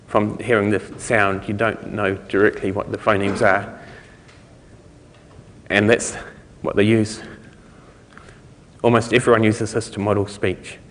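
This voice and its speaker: A man gives a technical conference talk in a loose, conversational style, his lowish voice flat and measured with long pauses. The conference hall adds long reverb, and there is a little hiss or hum.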